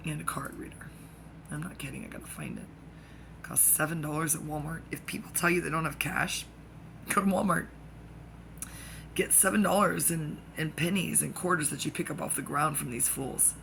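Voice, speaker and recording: Over a noisy background, a gravelly mid-range voice rambles comically from one topic to the next. Excitable outbursts alternate with sudden dips into whispering.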